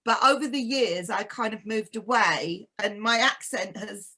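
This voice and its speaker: A woman from East London with a softened English accent, chatting casually as a co-host and telling stories. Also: mid-range voice, a little slow. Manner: chatty storyteller, animated. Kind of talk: casual chat.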